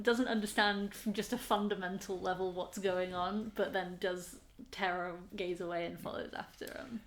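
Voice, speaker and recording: A woman's voice: medium pitch, fairly even intonation, moderate pace. A woman playing a tabletop game, describing her character's actions in a hesitant, giggly way full of fillers. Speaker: player. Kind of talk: casual tabletop play.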